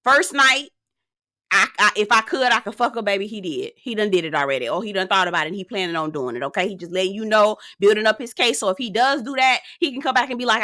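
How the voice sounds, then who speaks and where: A woman giving a sassy, animated recap of a reality show in casual commentary. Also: quick pace, no room sound, clean studio sound. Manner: sassy, animated storytelling, swings pitch for emphasis.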